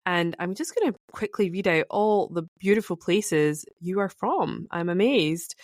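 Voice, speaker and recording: A Scottish woman with a low voice hosts a solo podcast in an enthusiastic, chatty way and fills her talk with ums and uhs. The recording is dry and close, with no room sound. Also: measured pace, few pauses, no echo. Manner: warm, enthusiastic and chatty, with fillers. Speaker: podcast host.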